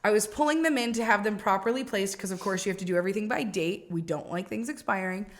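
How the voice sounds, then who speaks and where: A woman's voice: medium pitch, quick pace. A young woman co-hosting a podcast, telling rambling stories in casual chat, swearing and laughing often. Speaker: podcast co-host.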